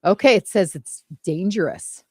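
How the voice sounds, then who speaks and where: A woman co-hosting a show, chatting casually in a lively, animated way. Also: on the low side, moderate pace, breathy edge, no room sound, clean studio sound. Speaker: co-host. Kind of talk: casual chat.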